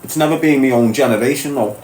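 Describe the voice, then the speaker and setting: A man's voice: medium pitch, quick pace, darkish tone. A man with a Liverpool accent hosting a livestream, answering viewer comments in a blunt, streetwise way and calling people mate and lad. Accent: Liverpool (Scouse). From Liverpool, England. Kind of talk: casual livestream chat. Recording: roomy echo with faint background noise.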